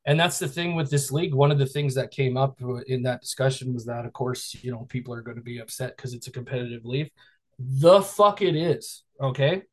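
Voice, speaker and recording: A man on a casual podcast, speaking bluntly and swearing often as he presses his point. His voice sits at an ordinary middle pitch. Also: steady tone, fast talker, hardly any pauses, rough recording. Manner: blunt, profane, lecturing about respect. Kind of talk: casual fantasy sports chat.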